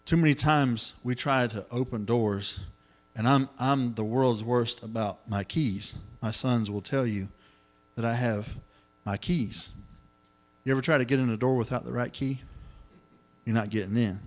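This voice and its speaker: A middle-aged man preaching a sermon, telling the story in an animated way and acting out the voices. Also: medium pitch, unhurried. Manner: animated storytelling, acts out voices, exclamations of hallelujah.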